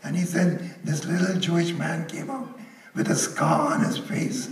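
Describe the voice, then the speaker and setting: A man's voice: a little high, lively intonation, a little slow. Older man telling a chuckling anecdote in an echoey hall. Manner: chuckling storyteller, quoting others. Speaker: panel speaker. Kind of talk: anecdote told on a conference stage. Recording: echoey hall, mic at a distance.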